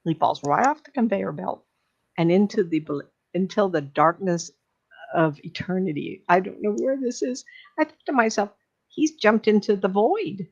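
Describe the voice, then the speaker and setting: A woman's voice: fairly low pitch, expressive, normal speed, vocal fry. Rambling middle-aged woman, lo-fi sound. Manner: enthusiastic, rambling, frequent fillers and laughs. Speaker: psychic medium guest. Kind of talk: casual retelling of a film.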